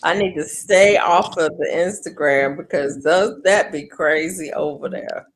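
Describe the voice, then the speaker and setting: A middle-aged woman hosting a casual chat with friends, telling animated stories and laughing often. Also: sits low, a little slow, a little hiss or hum, poor audio. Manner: animated storyteller, laughs often, Southern-style "y'all". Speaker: show host.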